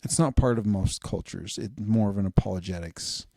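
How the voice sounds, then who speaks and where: A man's voice: lowish voice, creaky, dark tone, no echo, clean studio sound. A man from Utah co-hosting a podcast, chatting casually and joking often. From Utah, United States. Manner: jokey, quick to laugh. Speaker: podcast co-host. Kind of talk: casual chat.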